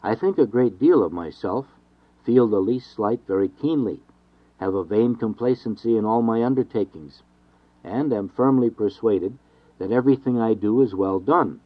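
A man giving an earnest, measured reading of a devotional sermon with steady, repeated refrains. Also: lowish voice. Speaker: reader of a devotional text. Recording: dull lo-fi recording.

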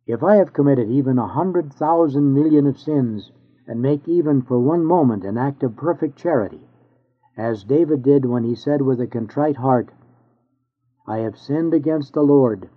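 Male reader, earnest measured sermon delivery, mid-range voice, phone-thin audio. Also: medium pitch, breathy edge. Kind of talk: reading an old sermon aloud. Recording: tinny phone-like sound.

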